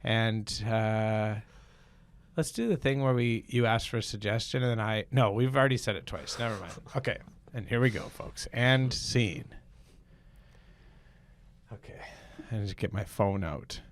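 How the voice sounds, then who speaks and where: A man's voice: fairly low pitch, normal speed. A man co-hosting a casual improv comedy podcast, rambling and joking at his own expense. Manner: rambling, self-deprecating joking. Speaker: podcast co-host.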